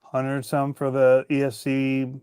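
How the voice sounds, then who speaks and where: Co-host, male, easygoing banter, mid-pitched, dry close sound. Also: slow pace, clean tone, no echo. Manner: relaxed, laughs at himself. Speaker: co-host of a hobby talk stream. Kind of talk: casual chat.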